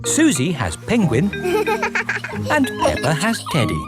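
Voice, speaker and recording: A woman narrating a children's cartoon in a bright, friendly storytelling voice. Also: medium pitch, wildly swooping pitch, unhurried. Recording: music bed under voice.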